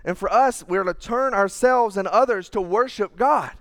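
A man, preaching a sermon in a conversational, earnest way, sometimes dropping to quiet asides. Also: sits high, normal speed, no room sound, clean studio sound. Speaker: pastor.

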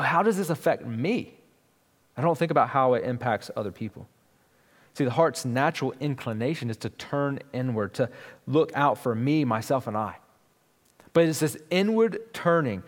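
Man preaching in a reverberant hall. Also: mid-range voice. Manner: conversational, with asides like "right?". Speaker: pastor. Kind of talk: sermon.

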